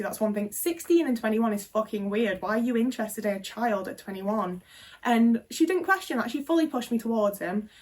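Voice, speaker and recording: Frank, sweary young woman. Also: fairly high pitch. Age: 20s. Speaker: vlogger. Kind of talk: casual confessional storytelling.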